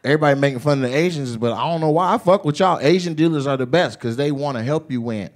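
A man's voice: a little high, fast talker. A male stand-up comedian on a comedy club stage, telling a brash, profane story.

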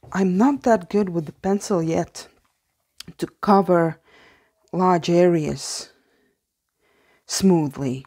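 A woman speaking English as a second language, chatting softly through a casual book haul vlog and slipping into hushed whispers of delight. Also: fairly low pitch, slow pace, pauses often, breathy edge. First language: not English. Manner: soft-spoken, often drops to a hushed whisper in awe; hesitant, with fillers and restarts. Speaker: vlogger.

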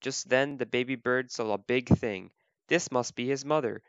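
A man reading a children's picture book aloud as a volunteer, gentle, slow and clear. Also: mid-range voice, no room sound. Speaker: volunteer reader. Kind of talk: children's storybook read-aloud. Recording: dull, lo-fi dry recording.

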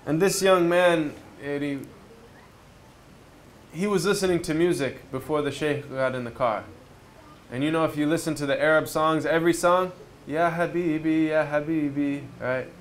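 A man with a slightly higher voice gives a reflective spiritual talk outdoors near a river. He tells stories in a relaxed, conversational way and keeps asking his audience rhetorical questions. Faint ambient noise sits behind him. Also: moderate pace. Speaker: speaker at a retreat.

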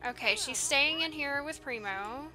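Let's-play host, woman, slow and bright-voiced, chatty commentary, faint music underneath. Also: high-pitched, animated. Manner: reacts with dismay, talks to characters. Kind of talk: casual gameplay commentary.

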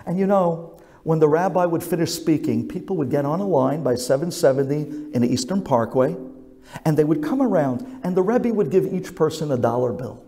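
A man's voice: a little high, expressive, a little fast, dark tone, faint music behind. A man voicing a kindly middle-aged rabbi who earnestly recalls a childhood memory. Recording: echoey synagogue hall.

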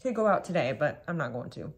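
Woman vlogger, lowish voice, chatty and rambling, home kitchen. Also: big pitch swings, fast, slight background noise. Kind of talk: casual vlog chat.

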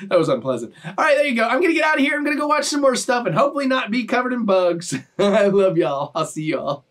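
A man's voice: extremely high pitch, quick pace, few pauses. A man, hosting a reaction channel and rambling playfully to his viewers. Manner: animated, rambling and playful, with sudden shrieks and laughs. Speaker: YouTube reaction channel host. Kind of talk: casual chat to camera.

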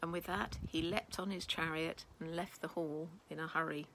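A woman reading a children's storybook aloud with expressive first-person narration. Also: sits low, normal speed, creaky, a little hiss or hum, low-quality recording. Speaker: children's book reader.

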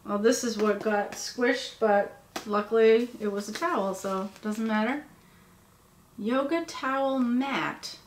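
A woman's voice: mid-range voice, moderate pace, slight background noise. A tired woman rambling and gushing as she unboxes cute merchandise at her home workspace. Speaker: vlogger. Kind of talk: casual unboxing chat. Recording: echoey room with faint ambience.

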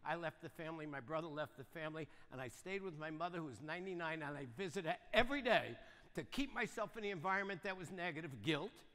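An older man giving a motivational seminar talk, speaking fast and punchy and keeping the audience engaged with quick questions. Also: fairly high pitch, lively intonation, sharp tone. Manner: fast, punchy, keeps asking the audience "right?" and "yes or no?". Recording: long reverb of a large hall.

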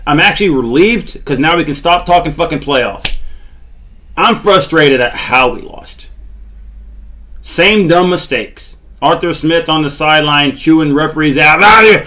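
Guy ranting after a loss, kinda high voice, groans a lot, sarcastic. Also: a little slow, sharp tone. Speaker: sports channel host. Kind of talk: ranting fan commentary.

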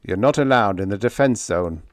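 An impersonal male radio controller gives flat, official orders over a speaker, as a male narrator puts him on. The reading is mostly close to the narrator's own voice. The sound is dry and close. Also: lowish voice, normal speed, no echo, lightly acted. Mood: stern.

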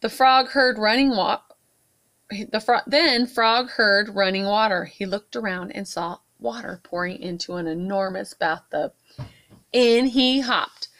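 A woman at a library storytime, reading a picture book aloud to children with expressive asides. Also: mid-range voice, a little slow. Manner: warm, expressive read-aloud with asides to kids.

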